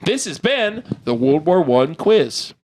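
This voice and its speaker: A man hosts a casual podcast and runs a trivia quiz. He reads each question slowly and with plenty of lift in his voice, cracking jokes between answers. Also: on the high side, big pitch swings, noisy background. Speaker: podcast host and quizmaster.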